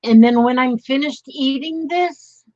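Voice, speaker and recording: A woman's voice: sits high, a little slow, a little mellow, no room sound, muffled recording. An older woman chatting casually while opening happy mail, gushing and exclaiming often. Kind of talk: casual live-stream chat.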